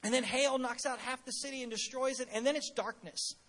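A man preaching a sermon, telling stories in an animated, humorous way and often repeating words at the start of his phrases. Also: very high-pitched, fairly quick. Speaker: pastor.

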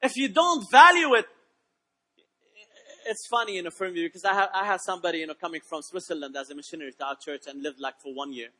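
A man preaching a sermon, prodding the congregation with questions and swinging between quiet asides and loud shouted peaks. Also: high voice, lively intonation, fast, big-room sound. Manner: emphatic, prods the congregation with questions.

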